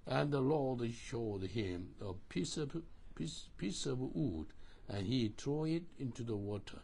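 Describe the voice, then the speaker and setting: Man, pastor, husky voice, lively rising and falling pitch, call-and-response sermon. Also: unhurried. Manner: animated, call-and-response preaching in non-native English.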